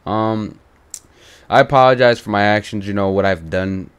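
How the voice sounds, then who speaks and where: A man's voice: fairly low pitch, moderate pace, clear, resonant tone. A man chatting casually while playing a comic game role-play, rambling in slang with lots of fillers. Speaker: gaming content creator.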